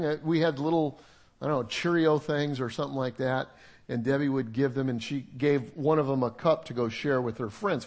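A man's voice: medium pitch, darkish tone. An older man, a grandfather, preaching a conversational sermon to a congregation, mixing humor and asides with scripture reading. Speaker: pastor. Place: church sanctuary with congregation.

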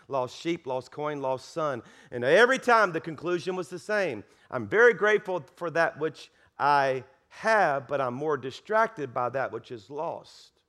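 A middle-aged man preaching a sermon as a guest pastor, telling stories with laughs, repetitions and quick restarts. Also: a little high. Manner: animated storytelling with laughs and repeated words.

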